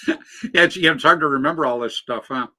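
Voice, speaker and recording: A middle-aged man with a bright, forceful voice co-hosts a casual live show. He rambles through his stories and laughs easily as he teases his partner. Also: on the high side, brisk. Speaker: co-host of a live paintball show. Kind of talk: casual live-stream banter.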